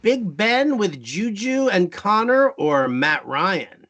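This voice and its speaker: Lively jokey man co-hosting a sports stream. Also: sits high. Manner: jokey, quick-fire, rattles off player lists. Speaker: co-host. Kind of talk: live fantasy football Q&A.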